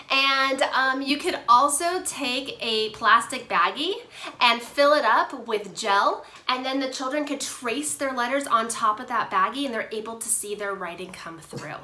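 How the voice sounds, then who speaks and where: Bright, high-voiced woman therapist. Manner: upbeat and playful, chats with a hand puppet. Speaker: occupational therapist. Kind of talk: instructional talk to parents and teachers.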